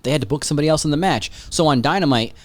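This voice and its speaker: Rambling, excitable male podcast host. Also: fairly high pitch, very fast, no room sound. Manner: rambling, excitable, swears freely. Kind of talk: casual chat.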